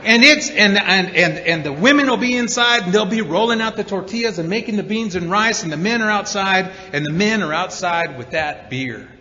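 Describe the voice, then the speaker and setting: High bright man telling stories in a hall. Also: normal speed, hardly any pauses. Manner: animated storyteller, acts out quotes, many repeated 'and's. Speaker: recovery meeting speaker. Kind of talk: storytelling talk to an audience. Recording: dull recording in a hall with reverb.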